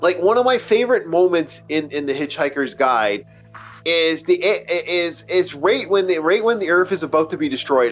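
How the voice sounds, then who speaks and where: A man's voice: on the high side, expressive, normal speed, fairly bright tone, highs cut off, faint music behind. A man hosting a casual gaming chat, rambling and swearing with many stumbling restarts. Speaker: let's play host. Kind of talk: casual chat over gameplay.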